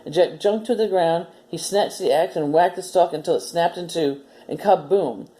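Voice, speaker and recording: A woman hosting a children's story time, reading a story aloud and gently explaining a simple demo step by step. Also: fairly low pitch, normal speed.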